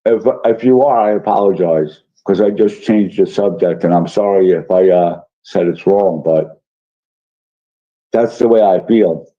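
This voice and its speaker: A man's voice: sits low, measured pace, mellow. A man hosting a casual livestream, reading chat messages aloud and answering them in a rambling, apologetic way with many fillers. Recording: dull lo-fi stream audio.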